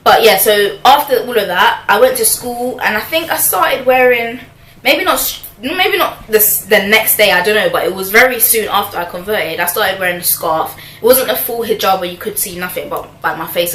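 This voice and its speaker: A woman's voice: medium pitch, lively intonation, normal speed, fairly bright tone. A young woman, telling a personal story to camera in a chatty, slang-filled way with lots of asides. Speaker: vlogger. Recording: echoey room with faint noise.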